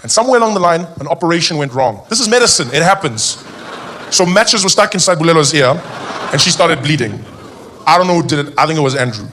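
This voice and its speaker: A man's voice: a little high, expressive, fast talker, pushed and bright, slight background noise. A young adult man doing stand-up comedy, telling his story animatedly and acting out voices and cries.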